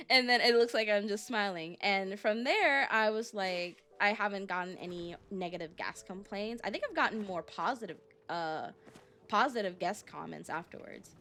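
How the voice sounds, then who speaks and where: A woman's voice: medium pitch, moderate pace, a bit bright, soft background music. A young adult woman streaming as a VTuber, chatting casually and rambling through a story with lots of fillers.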